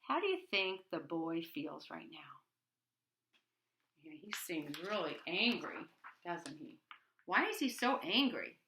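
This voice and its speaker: A woman reading a bedtime picture book aloud to children, hushed and half-whispered, with playful loud bursts. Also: on the low side, very animated, measured pace, long pauses, a little hiss or hum. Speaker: children's storybook reader.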